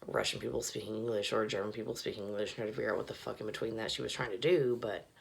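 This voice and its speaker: A woman's voice: a bass voice, steady tone, racing, gravelly. A tipsy woman rambling casually and profanely in a bathroom, often dropping to a mutter. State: tipsy, slurring a little. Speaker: vlogger.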